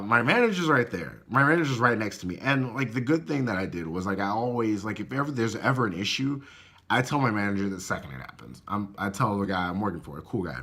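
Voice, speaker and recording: Animated husky man telling a story. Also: on the low side. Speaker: vlogger. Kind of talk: casual storytelling vlog.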